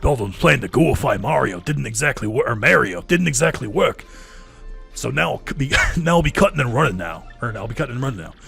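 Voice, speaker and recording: A man's voice: medium pitch, very fast, few pauses, husky, soft background music, close to an everyday voice. A man voicing a sneaky, shapeshifting male trickster ghost in a video game, brash and taunting.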